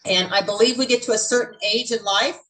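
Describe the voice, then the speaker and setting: A woman's voice: on the high side, steady tone, brisk, a bit bright, low-quality recording. A woman in her mid sixties hosting an online beauty event, chatty and upbeat, talking straight to her audience. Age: 60s. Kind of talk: casual online presentation.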